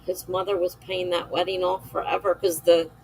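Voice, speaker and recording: A woman's voice: fairly low pitch, little pitch movement, normal speed, darkish tone, slight background noise, low-quality recording. A woman hosting a writer's live stream, chatting candidly and gossipily, laughing often. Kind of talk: casual live-stream chat reading viewer comments.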